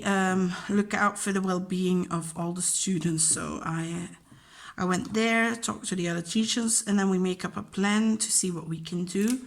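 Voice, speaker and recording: A woman, a teacher chatting casually and openly about her job, with many fillers and acted-out quotes. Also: mid-range voice. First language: Dutch. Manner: chatty, emotional, acts out quoted dialogue. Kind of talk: casual chat.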